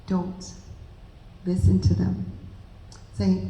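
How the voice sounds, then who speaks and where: A woman's voice: medium pitch, steady tone, slow, long pauses, warm tone, reverberant, a little hiss or hum, rough recording. A woman giving an earnest, emphatic talk to a group of parents, speaking directly to the audience. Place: meeting room with audience.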